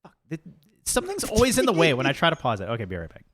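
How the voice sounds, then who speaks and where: A man's voice: on the high side, huge pitch swings, very fast. A man running a tabletop game as game master, talking in a chatty, rambling way full of fillers.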